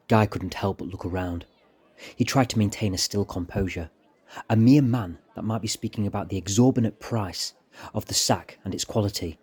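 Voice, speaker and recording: Male narrator, short story reading, low voice, husky tone. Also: moderate pace, darkish tone.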